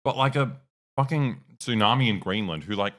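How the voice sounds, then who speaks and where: Give me a young man with a lowish voice, chatting bluntly and swearing as co-host. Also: lively intonation, normal speed, a bit bright. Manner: swears freely, blunt and jokey. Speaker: podcast co-host. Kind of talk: casual chat.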